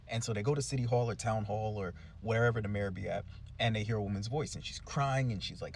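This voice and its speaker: A young man casually recapping a cartoon episode in a chatty, slangy, animated way. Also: fairly low pitch, fast talker, slightly rough. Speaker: cartoon reviewer.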